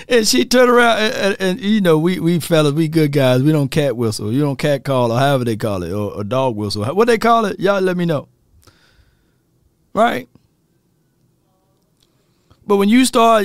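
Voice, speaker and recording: A man with a slightly high, clear, smooth voice talks sports casually to his viewers, joking and laughing as he goes. He sounds close to the mic and dry. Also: normal speed, long pauses, no room sound. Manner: animated, joking, laughs often, addresses viewers as y'all. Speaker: sports talk host.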